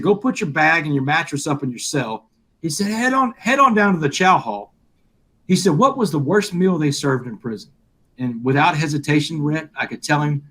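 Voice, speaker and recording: Middle-aged male guest, husky, slightly high voice, animated storyteller. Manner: animated storyteller, acts out quoted dialogue. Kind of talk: storytelling in a live interview.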